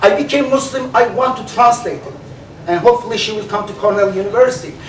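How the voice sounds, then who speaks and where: Turkish-accented male debate speaker, animated, halting, lots of fillers; high voice, roomy distant sound. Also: a little hiss or hum. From Turkey. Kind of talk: public debate speech. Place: large hall. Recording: echoey hall recorded from far off.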